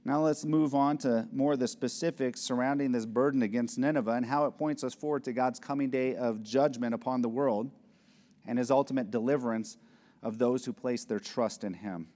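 A man delivers an expository sermon in a church sanctuary, his voice carrying a long reverb through the hall. He is earnest, at an ordinary middle pitch, and sometimes acts out small scenes before pressing a point with emphasis. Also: brisk, dark tone. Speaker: pastor.

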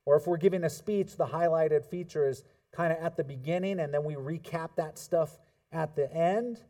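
Man, pastor, sermon, casual teaching style, somewhat high voice. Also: normal speed, dark tone, distant mic. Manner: casual, conversational preaching with fillers.

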